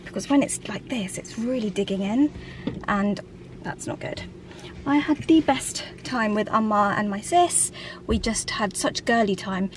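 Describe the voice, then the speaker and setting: A woman talking candidly in a casual vlog from inside a parked car, often dropping to a soft whisper. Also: medium pitch. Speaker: vlogger.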